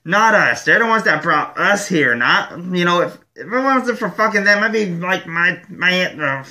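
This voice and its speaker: A man from Michigan hosts his own show in an angry, profane rant. His voice is forceful and bright, a little higher than most men's. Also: expressive, normal speed. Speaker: show host. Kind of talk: ranting vlog monologue.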